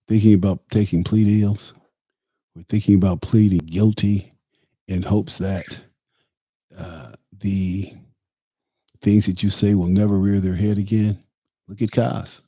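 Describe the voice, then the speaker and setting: A man's voice: fairly low pitch, flat delivery, slow, long pauses, dark tone, no echo, clean studio sound. A man hosting a talk show, delivering an emphatic, opinionated political monologue that rambles with fillers. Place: Tampa area.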